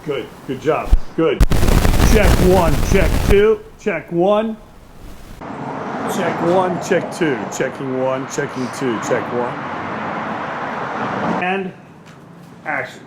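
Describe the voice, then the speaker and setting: A man coaching actors on set, calling action and giving short words of praise. His voice sits a little high and sounds roomy and echoey. Loud background noise runs underneath. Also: lively intonation. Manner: brisk, encouraging cues. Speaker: acting coach.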